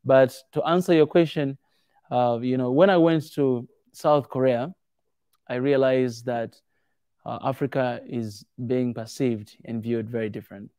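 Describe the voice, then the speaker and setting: A man's voice: mid-range voice, unhurried, clean tone, dry recording, clean studio sound. Man telling stories to a small crowd. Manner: animated, acts out quoted voices. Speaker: speaker answering audience questions. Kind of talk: casual storytelling talk.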